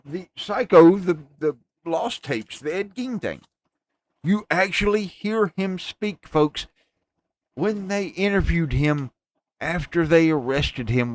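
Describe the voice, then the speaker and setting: A man hosting a podcast, talking emphatically in a casual, ranting way and swearing freely as he speaks to his listeners. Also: on the high side. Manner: addresses listeners as folks. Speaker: podcast host. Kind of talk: casual chat.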